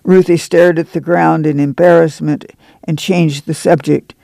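A man narrating an audiobook in a steady, measured reading. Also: on the high side, gravelly, dry recording. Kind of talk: scripted narration.

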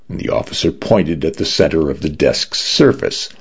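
A man narrating a story in a steady, expressive reading. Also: very deep voice, moderate pace, creaky, husky, dull audio.

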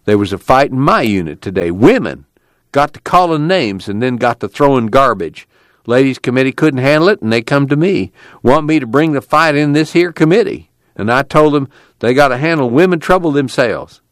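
A man's voice: animated, normal speed, dry recording, clean studio sound, natural voice. A man doing a profane tubby Okie migrant. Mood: gruff. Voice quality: blunt, profane, raised pitch. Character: gruff tubby middle-aged male migrant, blunt storyteller.

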